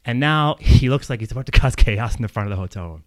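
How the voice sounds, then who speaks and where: Free of echo, the recording captures a medium-pitched man talking fast through a long, rambling personal story, dropping frequent swear words and laughing in an animated, casual way.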